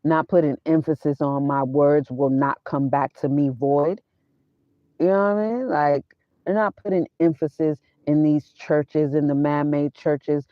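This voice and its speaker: A woman's voice: sits low, no room sound. Woman preaching casually in a dry van. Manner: preachy, quotes scripture, casual slang. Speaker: vlogger. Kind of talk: casual spiritual talk. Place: inside her van. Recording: dull, dry sound.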